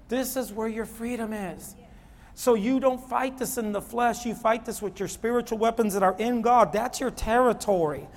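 A man preaching a sermon as pastor, impassioned and repeating phrases for emphasis. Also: high voice. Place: church sanctuary. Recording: long hall reverb.

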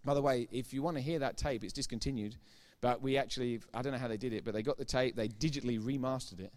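A man giving a sermon testimony as a preacher, retelling conversations line by line and growing loud and emphatic when he preaches. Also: medium pitch, quick pace. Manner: retells dialogue with repeated "I said, he said".

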